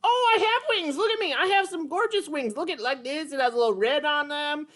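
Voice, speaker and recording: A man's voice: very high voice, brisk, sharp tone, pitched above the performer's own voice. A man voicing a sweet, eager little male winged puppet creature in a puppet show for kids, talking in a childlike, pleading way.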